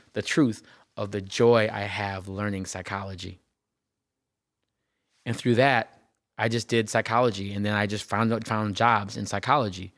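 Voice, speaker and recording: A man's voice: lowish voice, dry recording, clean studio sound. A man, a therapist hosting a podcast, telling his own story in an earnest, reflective way, often repeating phrases and checking in with "right?". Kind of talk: personal reflective podcast monologue.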